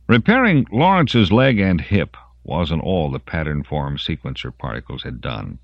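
A man narrating an audiobook in an expressive storytelling manner. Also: rumbling low, normal speed, vocal fry, hardly any pauses, no echo. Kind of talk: scripted narration. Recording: dry, muffled lo-fi audiobook.

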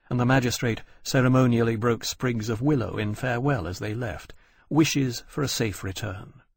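A man narrating an audiobook in a measured, descriptive storytelling manner. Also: medium pitch, gravelly, slightly rough, no room sound, studio quality. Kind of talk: scripted narration.

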